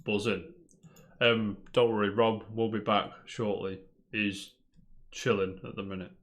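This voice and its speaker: A man's voice: lowish voice, flat delivery, unhurried, fairly bright tone. A man co-hosting a casual gaming news podcast, rambling cheerfully and calling his co-host "mate". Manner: chatty, rambling, peppers talk with "mate".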